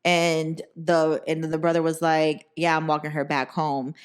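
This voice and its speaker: A young woman hosting a podcast, telling a story in animated, profane casual chat and acting out the people in it. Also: sits low, a little slow, clear, resonant tone. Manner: animated, profane, acts out quoted voices. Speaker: podcast host.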